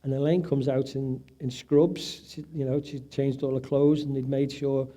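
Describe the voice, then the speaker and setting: A man's voice: medium pitch, flat delivery, moderate pace, dark tone. A middle-aged man giving an emotional personal testimony at an event, acting out the voices of people he quotes. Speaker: event speaker, patient's husband.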